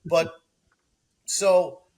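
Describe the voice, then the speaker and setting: A man's voice: on the high side, level tone, extremely slow, darkish tone. A man hosting a podcast, asking his guest questions with enthusiasm and many restarts. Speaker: podcast host. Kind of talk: casual interview chat.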